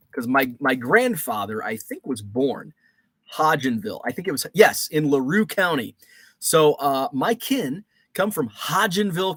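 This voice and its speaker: A man's voice: fairly high pitch, fairly bright tone, dry recording. A man hosting a casual live stream, greeting viewers from the chat and telling rambling stories full of fillers and restarts.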